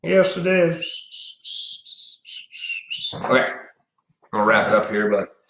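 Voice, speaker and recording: A man's voice: lowish voice, animated, slow pace, a bit bright, reverberant, poor audio. A man hosting a live stream, delivering a blunt, profane, preachy ranting monologue.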